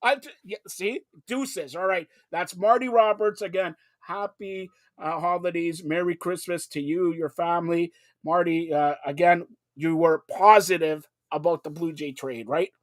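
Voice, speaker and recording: Excitable high-voiced male host. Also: unhurried. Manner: excitable, joking, repeats words. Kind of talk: casual interview chat.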